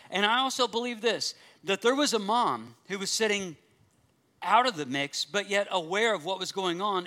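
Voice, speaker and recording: A man's voice: sits high, bright, forceful tone. A man preaching a sermon in a joking, conversational way, acting out the audience's reactions. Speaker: pastor.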